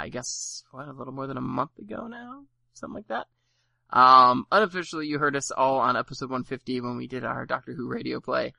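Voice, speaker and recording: A man's voice: medium pitch, creaky, pushed and bright, dry recording. A man hosting a podcast in casual chat, rambling with lots of fillers and laughing easily. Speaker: podcast host.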